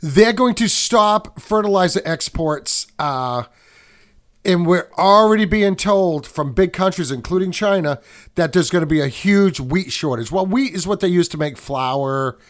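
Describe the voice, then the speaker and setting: Rambling male podcast co-host, higher voice. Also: expressive, a little slow. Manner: rambling, self-correcting, explains with movie references. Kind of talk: casual chat.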